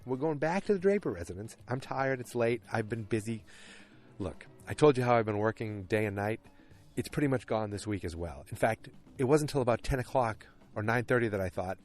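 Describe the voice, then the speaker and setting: A man's voice: mid-range voice, animated, brisk, a little mellow, soft background music. Male podcast host, casual solo recap, rambling and filler-heavy. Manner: rambling, chatty, many fillers.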